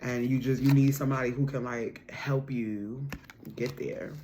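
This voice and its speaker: A woman's voice: extremely low pitch, moderate pace, slight background noise. A woman giving a casual spiritual card reading to her viewers, repeating her points with emphasis and calling the listener boo and honey. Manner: bursts into loud laughter and raised voice when excited.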